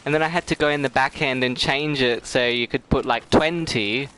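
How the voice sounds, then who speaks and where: A man's voice: mid-range voice, moderate pace, a bit bright, clean tone. A middle-aged man chatting casually with viewers while streaming a game, giggling often and laughing hard. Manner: giggly, breaks into fits of laughter; chatty, talks to chat viewers. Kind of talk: casual gameplay livestream chat.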